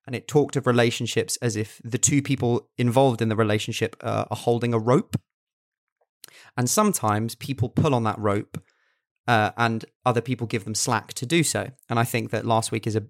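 Animated young man. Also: on the low side. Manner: animated, repeats words when building a point. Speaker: podcast co-host. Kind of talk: casual football chat.

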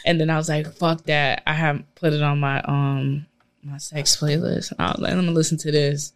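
A woman's voice: sits low, moderate pace, gravelly. Young woman, loose and profane, telling a story on a casual podcast. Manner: profane, animated storytelling with frequent laughter.

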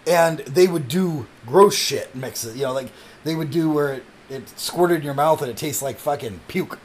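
A man's voice: fairly high pitch, normal speed, a little hiss or hum. A man co-hosting a podcast, chatting casually, often laughing and swearing as he tells a story. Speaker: podcast co-host. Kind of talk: casual chat.

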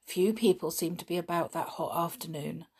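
A woman reading a children's book aloud in a lively way, giving the characters voices. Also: fairly low pitch, normal speed, breathy edge. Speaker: storybook reader.

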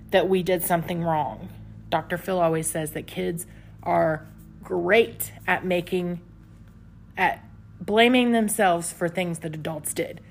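Woman podcast host, gravelly fry, candid and confessional self-help talk. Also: fairly low pitch, a little hiss or hum. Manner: candid, confessional, with soft laughs. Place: home with pets nearby.

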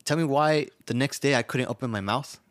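Fast-talking young man, dry close mic. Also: medium pitch, no echo. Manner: fast, profane, laid-back storytelling. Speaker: podcast co-host. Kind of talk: casual podcast banter.

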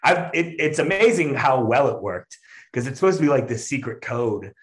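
A stand-up comedian, appearing as a guest, spins a story in relaxed chat with a medium pitch and moderate pace. He stumbles through fillers and restarts, laughs frequently, and animatedly performs the lines people said.

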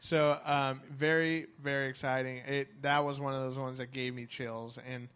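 A man's voice: medium pitch, normal speed, smooth. A man in casual chat, recapping an event with lots of ums and casual swearing. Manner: rambling, excited, swears freely, many ums.

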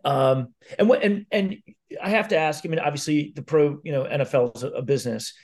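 A man hosting an interview who asks questions in a halting way, often restarting his sentences. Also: on the high side, a little mellow. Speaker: podcast host. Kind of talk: casual interview.

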